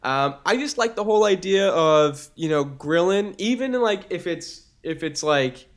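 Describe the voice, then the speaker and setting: A man's voice: on the high side, measured pace. A young man with a Boston accent, co-hosting a podcast, chatting casually and rambling with plenty of fillers. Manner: animated, rambling, lots of fillers. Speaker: podcast co-host. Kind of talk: casual chat.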